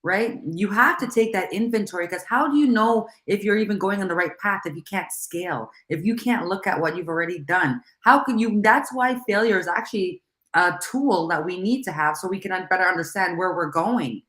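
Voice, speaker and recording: Animated woman in an echoey room. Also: on the low side. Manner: animated, talks in quick bursts with restarts. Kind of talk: casual conversation.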